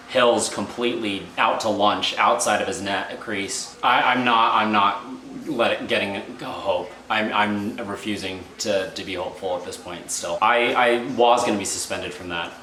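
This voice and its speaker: A man reviewing and reacting live to a hockey game, excitable and exasperated, rambling with restarts. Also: fairly low pitch. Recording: echoey room, faint background noise.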